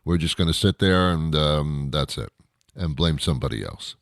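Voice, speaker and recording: A middle-aged Canadian man with a very deep voice hosts a radio talk show at a moderate pace, delivering a solo monologue. He rants in disbelief and mocks people by imitating them. The audio is studio quality with no room sound.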